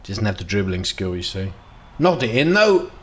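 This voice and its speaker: Excitable man commentating a game. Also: on the low side, moderate pace. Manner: excitable, swings between mutters and loud outbursts. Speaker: gaming video host.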